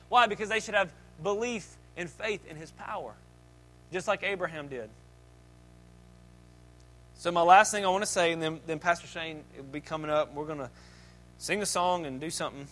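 A man preaching a sermon as pastor, with lively delivery that swings between loud, fervent passages and quiet asides, acting out voices and joking with the congregation. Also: sits high, moderate pace, faint music behind. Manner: dynamic preaching, acts out disciples' voices, jokes.

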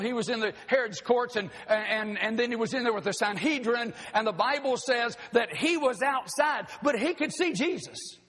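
A pastor preaching a sermon in a church, folksy and joking with the congregation. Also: male voice, extremely high pitch, fairly bright tone. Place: church sanctuary. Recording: long hall reverb.

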